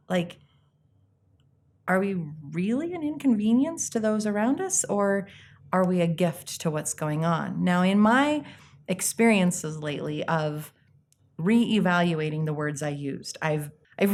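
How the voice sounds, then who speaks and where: A woman life coach giving an earnest, reflective self-help talk, pausing often and acting out little quotes. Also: lowish voice. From United States.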